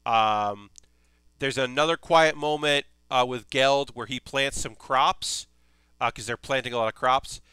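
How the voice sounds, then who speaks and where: A man chats on a live stream as he builds a model kit, rambling eagerly and cursing now and then. His voice is bright and very clear, caught dry and close on the mic. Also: medium pitch, unhurried, no room sound. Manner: rambling and enthusiastic, swears freely. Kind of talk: casual live-stream chat.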